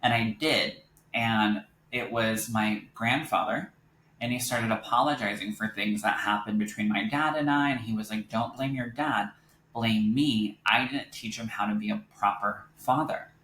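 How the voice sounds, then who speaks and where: Young male interview guest, bright and animated storyteller, quotes others in character; roomy recording. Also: fairly low pitch, normal speed. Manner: animated, quotes others in lively voices, laughs easily. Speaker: psychic medium guest. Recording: echoey room with faint noise.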